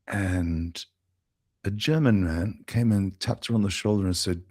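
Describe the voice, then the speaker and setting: A man's voice: low-pitched, unhurried, darkish tone, dry recording. A man, a podcast guest telling a heartfelt story, with restarts and fillers, into a close mic. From Australia.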